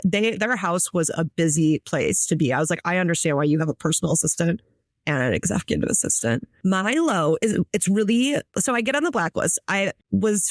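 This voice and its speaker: Lively woman co-host chatting. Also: fairly low pitch, dry recording, studio quality. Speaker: podcast co-host. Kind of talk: casual conversational storytelling.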